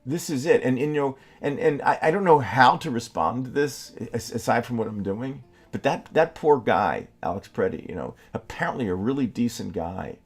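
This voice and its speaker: A man co-hosting a political talk show, speaking in a heated, halting way with many restarts and curses. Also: mid-range voice, a little mellow. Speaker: podcast co-host.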